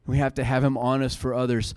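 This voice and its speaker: A man's voice: mid-range voice, level tone, fast, darkish tone, smooth, no echo, clean studio sound. A man in his thirties preaching a sermon, earnest and conversational, building to fervent passages. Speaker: pastor.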